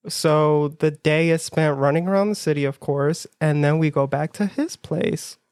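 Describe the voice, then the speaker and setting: On a casual podcast he co-hosts, a man from near New York, United States, recounts a dating story, performing his own lines in quoted voices and laughing as he goes. His fairly high, clean-toned voice moves at a moderate pace, studio quality with no echo, and "like" turns up constantly.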